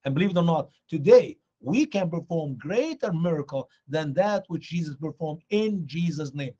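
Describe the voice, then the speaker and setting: Brief: excitable male preacher, high voice that leaps all over, acts out scenes. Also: moderate pace, highs cut off. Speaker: guest preacher. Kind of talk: animated evangelistic teaching.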